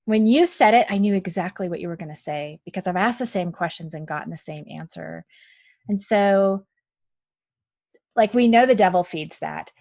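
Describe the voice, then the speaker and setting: A woman's voice: on the low side, moderate pace, vocal fry, mellow, dry recording, clean studio sound. A woman hosting a podcast, asking questions and sharing thoughts in a reflective, searching way. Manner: reflective, searching, many fillers like "like". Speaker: podcast host. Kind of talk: casual interview chat.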